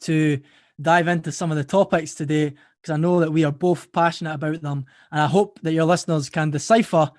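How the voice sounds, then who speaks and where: A man's voice: fairly high pitch, steady tone, fairly quick, no room sound, studio quality. A young Scottish man talking casually as an interview guest, friendly and informal. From Scotland. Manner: informal, friendly, calls people brother and mate. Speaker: podcast host guest.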